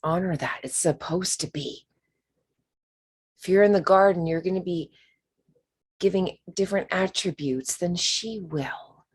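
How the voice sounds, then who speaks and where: A woman leads a spiritual workshop in a slow, deliberate way, leaning hard on key words. Her voice is breathy and a little husky. She often sinks into a near whisper. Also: fairly low pitch. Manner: slow, emphatic, drops to whispers. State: emotional. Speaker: workshop leader.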